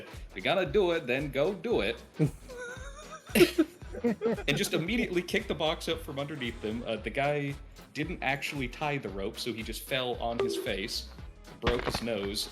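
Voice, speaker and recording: A man telling a long rambling anecdote to friends over voice chat while gaming, with many restarts. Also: medium pitch. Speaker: gamer in group voice chat. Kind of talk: casual storytelling chat.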